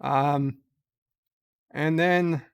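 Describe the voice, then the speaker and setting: A man giving slow, halting casual commentary, reading out posts and answering them with many ums and uhs. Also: on the high side, fairly even intonation, gravelly, smooth. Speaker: YouTuber reading and answering tweets.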